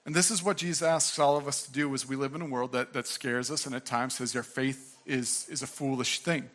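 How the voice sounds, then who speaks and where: A man's voice: mid-range voice, fairly even intonation, a little fast, a bit bright. A young man giving a sermon as pastor, earnest and conversational, full of fillers and restarts.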